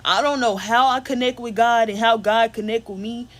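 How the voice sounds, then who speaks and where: A woman's voice: fairly high pitch, steady tone, normal speed. Woman venting in a slangy monologue. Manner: emphatic, rambling, slangy, with blunt insults. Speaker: spiritual reader.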